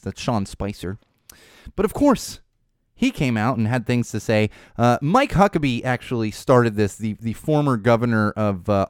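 Wry, rambling podcast host. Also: male voice, medium pitch, no echo, studio quality. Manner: rambling, wry, animated, swears casually. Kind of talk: casual podcast monologue.

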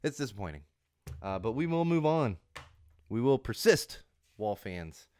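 This thirties-aged podcast host sounds hoarse with a cold as he rambles casually, restarting often and repeating things for emphasis. His medium-pitched voice swings widely in pitch, moves at a measured pace, and has a darkish tone.

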